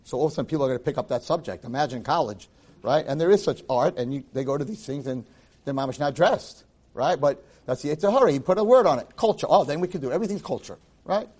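Male rabbi, animated lecturer, raised pitch that rises and falls widely, acts out quotes as he teaches. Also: quick pace. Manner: mixes Hebrew phrases into English. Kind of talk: Torah class, lively storytelling.

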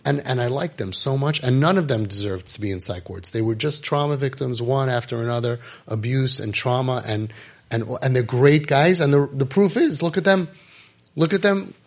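A middle-aged man telling a story and giving advice, emphatic, repeating phrases and dropping to quiet intensity. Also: mid-range voice, normal speed. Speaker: rabbi giving parenting advice. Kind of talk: impassioned storytelling talk.

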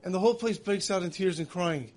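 A man's voice: high voice, fast, darkish tone. A man giving a sermon, telling stories in an earnest way that builds emotion. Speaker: religious teacher.

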